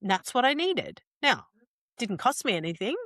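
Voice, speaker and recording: A woman's voice: fairly high pitch, sing-song, moderate pace, fairly bright tone, no room sound, clean studio sound. A middle-aged woman, a guest on a podcast interview, explaining earnestly with frequent restarts and tag questions. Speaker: guest, entrepreneur.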